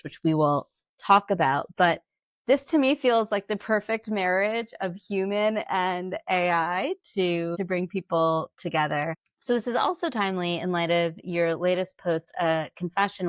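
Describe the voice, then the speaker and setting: Lower-pitched woman hosting a podcast. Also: no room sound. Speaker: podcast host. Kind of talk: podcast interview.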